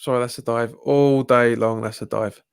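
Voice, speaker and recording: A young man with a Cockney-tinged London accent doing live watch-along commentary of a football match, reacting loudly to refereeing calls and answering viewers' chat. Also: fairly even intonation, normal speed, vocal fry, clear, resonant tone. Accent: Cockney-tinged London English. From England. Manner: exasperated, jumps up in pitch at bad calls, chats with viewers. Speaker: football fan livestreamer.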